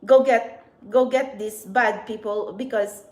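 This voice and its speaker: A woman's voice: mid-range voice, fairly even intonation, slow, darkish tone, reverberant. A woman tarot reader vlogging an angry, rambling rant, swearing often and filling her talk with "like" and restarts. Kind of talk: angry ranting monologue.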